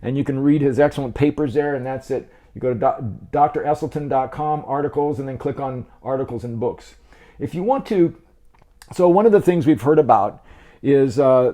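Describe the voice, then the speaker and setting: A man's voice: mid-range voice, warm tone. A man hosting a casual health video, talking to the camera between bites, chatty and encouraging, often repeating and restarting words. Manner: encouraging, speaks straight to the viewer. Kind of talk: casual talk to camera while eating.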